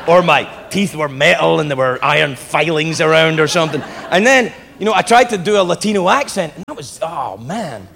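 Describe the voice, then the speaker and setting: A man doing stand-up, telling a story with sudden shouts and put-on voices. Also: a little high, brisk, gravelly, hardly any pauses. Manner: animated, swings into shouted put-on voices and laughs. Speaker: stand-up comedian. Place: comedy club stage. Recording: live in a hall with crowd and noise. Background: audience laughter.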